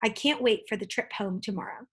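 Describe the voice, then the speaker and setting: A woman's voice: mid-range voice, fairly quick, a bit bright, slightly rough. A woman reading aloud, voicing a cheerful young boy hero in a storybook with an eager, friendly voice.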